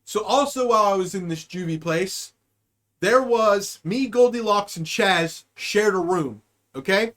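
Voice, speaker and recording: A man hosting a live show, telling a story in a loose, profane way, speeding up and then drawing his words out. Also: high voice. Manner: animated, profane, swings between quick and drawn-out. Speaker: podcast host. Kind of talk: casual storytelling.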